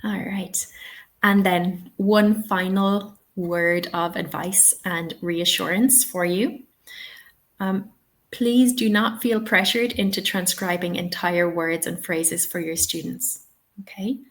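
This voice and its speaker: A woman's voice: on the low side, steady tone, takes it slowly. Encouraging woman teaching a webinar. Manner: encouraging, checks in with "okay?" and "yeah?". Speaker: TEFL trainer.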